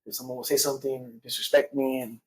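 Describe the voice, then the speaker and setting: A man's voice: medium pitch, level tone, quick pace, a little hiss or hum, poor audio. A man telling his life story candidly, with heavy profanity, street slang and frequent fillers like "man" and "you know". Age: adult father. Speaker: podcast guest.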